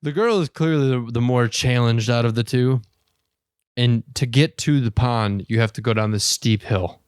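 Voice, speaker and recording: A man co-hosting a casual podcast, telling a story with lots of laughter and high-pitched impressions of the people in it. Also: normal speed, clean tone, dry recording, clean studio sound. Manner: animated storyteller, mimics people in high voices, laughs often. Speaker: podcast co-host.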